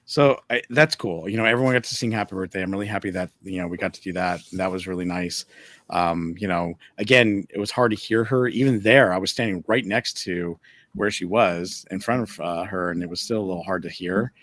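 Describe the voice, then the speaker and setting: A man with a fairly low voice co-hosts a casual chat. He talks in an animated way and jumps up in pitch when he acts out what others said. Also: a little fast. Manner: animated, acts out quotes in a higher voice. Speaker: podcast co-host.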